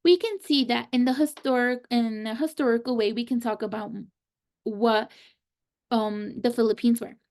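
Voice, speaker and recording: A woman giving a slide presentation, talking in a halting way with frequent pauses and fillers. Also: fairly high pitch, a little mellow. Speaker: student presenter.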